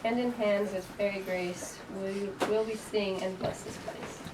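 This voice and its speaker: A woman playing Titania, a graceful fairy queen, speaking verse softly and lilting. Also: medium pitch, steady tone, measured pace, natural voice. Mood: gentle. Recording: distant mic, noisy.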